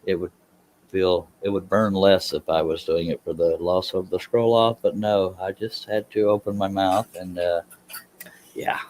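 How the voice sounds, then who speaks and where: A man's voice: deep voice, fairly even intonation, measured pace, a little mellow, slight background noise. A man chatting casually on a live stream while he works in his workshop. He talks in a rambling, self-deprecating way and laughs at himself.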